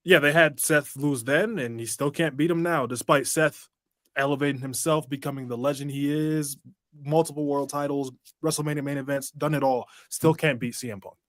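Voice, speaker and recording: A man co-hosting a wrestling podcast, an eager fan with quick reactions. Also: on the high side, steady tone, a bit bright, no room sound, studio quality. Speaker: podcast co-host. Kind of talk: casual wrestling chat.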